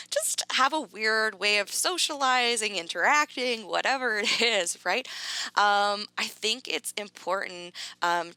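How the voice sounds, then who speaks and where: A woman explains dog training in a loose, conversational way, stopping for plenty of fillers. Her voice sits fairly low but comes across bright and forceful, with a gravelly fry running through it. The sound is dry and close. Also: dry recording. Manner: casual and chatty, lots of fillers, acts out quotes. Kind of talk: educational talk to camera.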